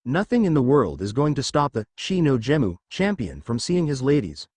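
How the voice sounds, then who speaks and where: A man's voice: mid-range voice, sing-song, normal speed, a little mellow, husky, no room sound. A man voicing a brash, boastful young male fighter in a read-aloud story. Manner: boastful, teasing.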